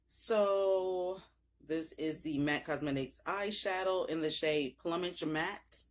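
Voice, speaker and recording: A young woman filming a casual makeup haul, talking straight to her viewers with loose slang and cursing, and breaking into sudden high exclamations. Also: slow, a little hiss or hum. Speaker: beauty vlogger.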